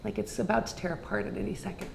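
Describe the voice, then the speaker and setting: A woman's voice: mid-range voice, fairly even intonation, racing, vocal fry, darkish tone, a little hiss or hum. A woman teaching artist who explains a technique patiently, one step at a time. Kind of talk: instructional explaining.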